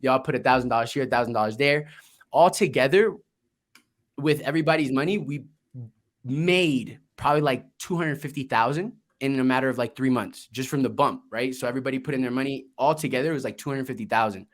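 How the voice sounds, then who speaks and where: A young man and Marine veteran, a guest telling his life story in a casual, candid, energetic way, swearing freely. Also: medium pitch, fast. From Colombia, raised in Florida. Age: young adult.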